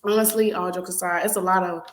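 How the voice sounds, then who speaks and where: A young adult woman co-hosting a casual chat, lively and laughing often, with plenty of fillers. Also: lowish voice, fast, reverberant, poor audio. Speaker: podcast co-host.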